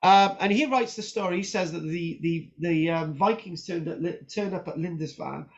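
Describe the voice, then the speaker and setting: A man with a fairly high voice lectures on history in a loose, talkative way. He stumbles over his words, restarts often and keeps asking "right?" The recording is dull and lo-fi. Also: moderate pace. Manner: animated, chatty, frequent restarts and "right?" tags. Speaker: history teacher. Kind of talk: informal lecture with notes on screen.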